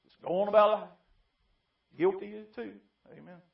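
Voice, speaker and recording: A man preaching a fiery sermon, moving between quiet pleading and loud shouting. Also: high voice, level tone, moderate pace, gravelly. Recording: distant, dull lo-fi mic.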